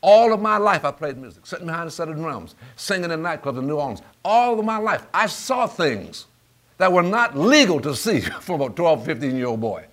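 A man preaches with a drawl, his voice sitting a little high and swinging widely up and down. He works the congregation, calling out for amens as he goes. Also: moderate pace. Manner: animated call-and-response preaching, asks for amens. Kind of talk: sermon.

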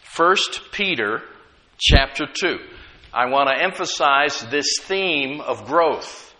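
A man's voice: fairly high pitch, expressive, slow pace, sharp tone. A man preaching a sermon, emphatic, repeating key phrases and leading the congregation in call-and-response.

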